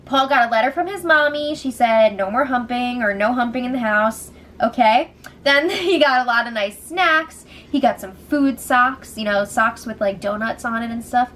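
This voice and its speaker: A woman's voice: fairly high pitch, normal speed. A young woman casually recapping reality show events, chatty and giggly, acting out the quotes as she goes. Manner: chatty, giggly, animated retelling with quoted voices.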